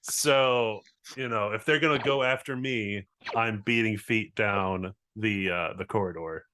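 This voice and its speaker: A man playing a tabletop game talks through his character's escape, rambling and full of fillers. His voice is low yet bright and forceful. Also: measured pace. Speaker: player. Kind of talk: tabletop game play, casual chat.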